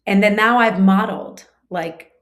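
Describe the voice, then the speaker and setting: A woman's voice: mid-range voice, unhurried. A woman giving a casual scripture class, talking conversationally with frequent fillers and explaining through everyday family examples. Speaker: spiritual teacher.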